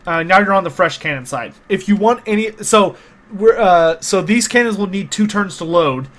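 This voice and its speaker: A man's voice: sits high, lively intonation, moderate pace, a bit bright. A man narrating as game master of a tabletop game, loose and casual with lots of fillers and restarts.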